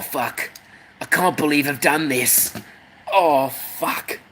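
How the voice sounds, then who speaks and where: A man's voice: mid-range voice, sharp tone, slight background noise. A man chatting casually while he works on a model, rambling and swearing as he jokes along. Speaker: model railway streamer.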